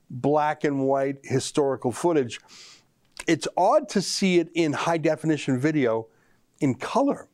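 A man's voice: a little high, animated, moderate pace, a little mellow. Argumentative male commentary host. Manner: emphatic, argumentative, talks straight to the listener. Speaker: show host. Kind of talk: political commentary monologue.

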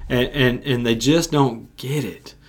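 A man's voice: medium pitch, steady tone, a little slow. Earnest preaching man. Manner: earnest, repetitive, with frequent restarts. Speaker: preacher, podcast host. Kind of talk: sermon.

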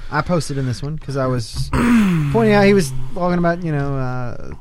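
A man's voice: a little high, expressive, normal speed, a little mellow, a little hiss or hum. A man co-hosting a podcast, making dry wisecracks in casual banter. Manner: dry, wisecracking, easily amused. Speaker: podcast co-host. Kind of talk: casual chat.

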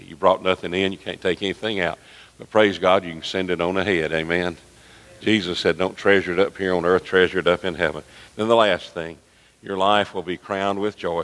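Male pastor, deep and gravelly, preaching emphatically in a church with long reverb. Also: a bit bright. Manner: emphatic preaching with dramatic pauses and retold dialogue. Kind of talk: sermon. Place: church sanctuary. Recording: echoey sanctuary with long reverb.

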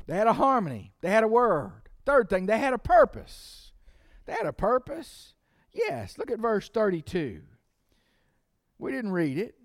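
High-voiced preacher, emphatic delivery. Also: male voice, dry recording, clean studio sound. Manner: emphatic, repeats key lines and leads the congregation in saying them. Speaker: pastor. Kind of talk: sermon.

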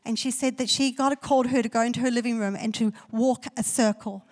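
A woman pastor preaching a story-driven sermon that swells into loud, declaring prayer. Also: a little high, steady tone, fast talker. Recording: long hall reverb.

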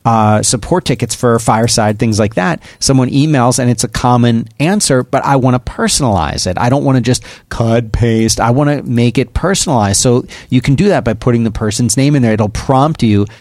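A man's voice: mid-range voice, normal speed, few pauses, darkish tone, no room sound. A man hosting a podcast, reading a sponsor spot in a chatty way, explaining step by step with a few jokes. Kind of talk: casual ad read on a podcast.

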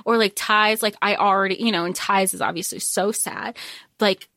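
A woman with a mid-range voice, chatting about a novel in an animated, rambling way. She slips into the characters' voices as she goes. The recording is dry and close. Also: mid-range voice, normal speed, dry recording. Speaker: podcast co-host. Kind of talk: casual book recap chat.

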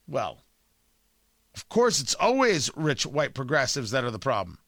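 Sarcastic guy ranting politics on his show, bright sharp voice, dry close mic. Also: mid-range voice, very animated, unhurried, no room sound. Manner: sarcastic, combative, emphatic repetition. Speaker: political commentary host. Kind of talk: opinionated political monologue.

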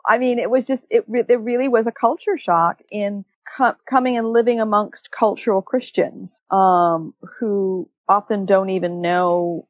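A woman talking earnestly as a guest in a conversational interview, animated and often restarting her sentences. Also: mid-range voice, unhurried, few pauses, dry recording, lo-fi sound.

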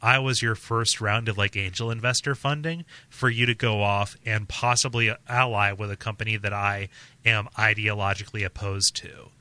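A man's voice: on the low side, fairly even intonation, moderate pace, pushed and bright, no echo. A man hosting a podcast in casual chat, rambling and packing his talk with "like" and restarts. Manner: rambling, filler-heavy, heavy use of "like". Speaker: podcast host.

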